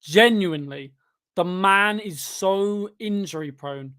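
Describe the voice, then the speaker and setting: A man's voice: high-pitched, takes it slowly, clear, resonant tone. Tired, chatty young man. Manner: chatty, bursts of excitement at the game. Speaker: livestreamer reading chat during a match. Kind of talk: live football watchalong chat.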